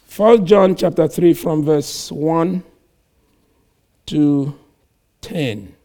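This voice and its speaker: Slow, emphatic male preacher. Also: on the high side. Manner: slow, emphatic Bible reading with sudden loud stresses. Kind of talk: sermon.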